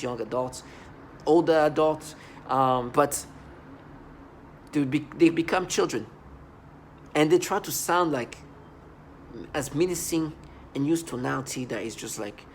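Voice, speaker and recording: A man's voice: on the high side, gravelly, slight background noise. A man talking to camera in a personal video monologue, earnest and agitated, often breaking off words and restarting. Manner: halting, with frequent restarts and broken-off words. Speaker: vlogger.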